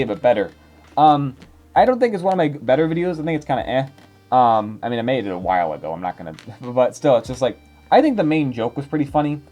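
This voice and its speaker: With a warm, slightly high voice, a young man in his 20s goes through viewer comments in loose, chatty talk that's full of filler words.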